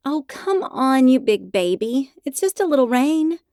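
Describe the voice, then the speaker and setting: A woman's voice: high-pitched, very animated, unhurried, a little mellow, no room sound, studio quality, voice pushed up, full character voice. A woman voicing an exasperated young woman who argues with her boyfriend in a raised, indignant, pleading tone. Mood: coaxing.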